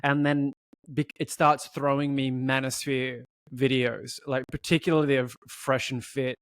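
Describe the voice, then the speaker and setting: A man co-hosting a podcast, talking in an animated, casual way with swearing and acted-out voices. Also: medium pitch, a little slow, no echo, clean studio sound. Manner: animated, swearing, acts out voices mid-story. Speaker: podcast co-host. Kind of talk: casual conversation.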